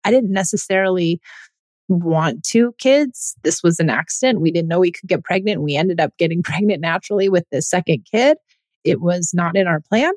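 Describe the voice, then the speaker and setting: A woman's voice: on the low side, lively intonation, moderate pace, a little mellow, no room sound. A woman in her thirties, a mother, speaking candidly and reflectively in a personal monologue. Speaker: mother telling her parenting story.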